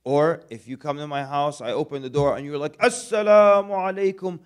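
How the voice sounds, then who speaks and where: A man delivering a relaxed, humorous religious lecture to students, chatting conversationally and acting out little everyday scenes. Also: fairly high pitch, brisk. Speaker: Islamic lecturer.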